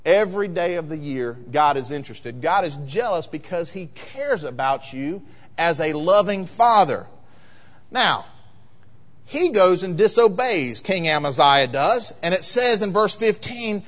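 Male pastor, sermon; high, very lively delivery, echoing hall. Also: a little slow. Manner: animated preaching, acts out voices, rises to loud emphatic peaks. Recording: long hall reverb.

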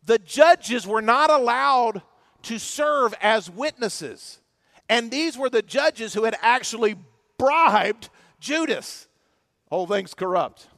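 High-voiced preaching man. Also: slow, no room sound, studio quality. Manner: expressive preaching, swinging from loud to hushed. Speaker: pastor. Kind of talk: sermon. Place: church.

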